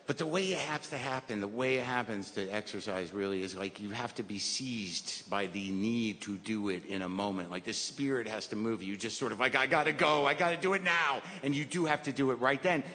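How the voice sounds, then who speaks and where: Here the same fifty-something comedian works the club stage with a fairly low, fairly bright voice, acting out small scenes as he rambles in a neurotic, self-mocking way. Audience laughter and noise fill the live, reverberant recording.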